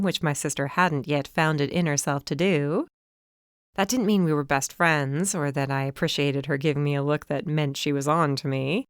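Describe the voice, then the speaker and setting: A woman's voice: sits low, clear, resonant tone, dry recording, clean studio sound. A young adult woman reading a first-person novel in a wry, conversational way. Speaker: audiobook narrator. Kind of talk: first-person scripted narration.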